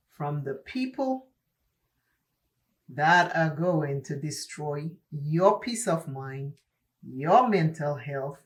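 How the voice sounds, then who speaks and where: A woman with an accent, talking while doing her makeup in a chatty get-ready-with-me vlog, emphatic and preachy, repeating herself for stress. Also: low-pitched. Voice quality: speaks with an accent. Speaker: beauty vlogger.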